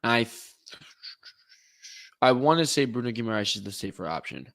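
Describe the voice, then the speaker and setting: A man co-hosting a casual sports podcast, excitable and prone to loud outbursts. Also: medium pitch, normal speed, creaky, dry recording, rough recording. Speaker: podcast co-host.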